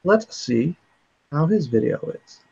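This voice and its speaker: A man hosting a casual livestream, chatty and relaxed, laughing often. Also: on the high side, unhurried, vocal fry, husky. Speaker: livestream host. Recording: dull lo-fi stream audio.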